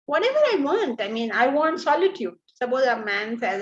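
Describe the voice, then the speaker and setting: A high-pitched woman teaching a class, her voice leaping up and down as she throws rhetorical questions at her students. The recording is a little muffled and lo-fi. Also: very animated, moderate pace. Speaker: Vedanta teacher. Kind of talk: class lecture on scripture.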